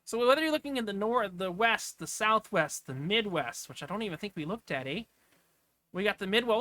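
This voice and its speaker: A man's voice: high voice, lively intonation, brisk, bright, forceful tone, no echo. A man giving casual, off-the-cuff commentary as he clicks through travel listings, rambling with asides. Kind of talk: casual screen-share commentary.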